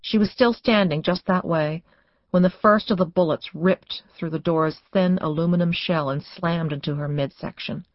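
A woman reading a suspense novel as audiobook narrator, in measured, tense storytelling. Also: low voice, fairly even intonation, dry recording, highs cut off. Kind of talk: scripted narration.

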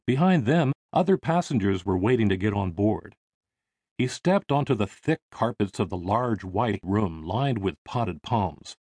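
Expressive male audiobook narrator. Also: on the low side, dry recording. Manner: expressive storytelling.

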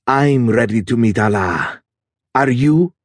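A man voicing a proud, menacing young male terrorist with a Dari accent, speaking slowly and quietly. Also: mid-range voice, big pitch swings, husky, no echo, studio quality, exaggerated voice.

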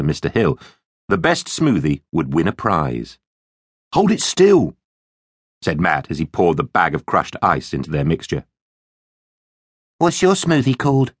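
A man reads a children's story aloud with a very deep voice. His delivery rises and falls with lively expression, and the close studio sound is dry. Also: breathy edge, no room sound. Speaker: audiobook narrator. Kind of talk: scripted children's story narration.

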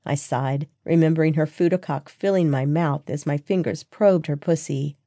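Woman narrator, first-person read, warm lower voice, intimate and even. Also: normal speed, hardly any pauses, no echo, clean studio sound. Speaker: audiobook narrator.

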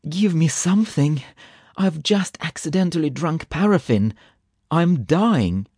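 A man's voice: medium pitch, lively intonation, slow pace, darkish tone, no echo, studio quality. A man voicing a frightened man who moans and stammers breathlessly, begging for help. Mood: desperate. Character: panicked, pleading frightened man.

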